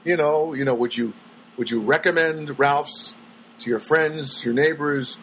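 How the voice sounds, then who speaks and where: A man's voice: fairly high pitch, a little slow, slight background noise, low-quality recording. A man telling rambling everyday stories in a casual monologue, acting out the voices of people he met. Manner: rambling, animated, acts out voices of people he quotes.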